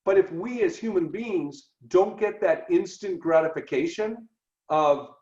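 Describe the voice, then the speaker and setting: A man co-hosting a podcast, talking through ideas in an animated way and acting out quoted dialogue. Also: high-pitched, a little slow. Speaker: podcast co-host. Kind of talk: conversational podcast discussion. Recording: roomy, dull lo-fi sound.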